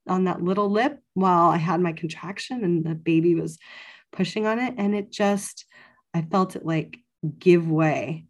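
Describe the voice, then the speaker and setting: Speaking in a low, slightly mellow voice, a woman in her thirties shares her own birth story as a podcast guest. Her casual, conversational telling is full of "like" fillers and quotes from the people around her.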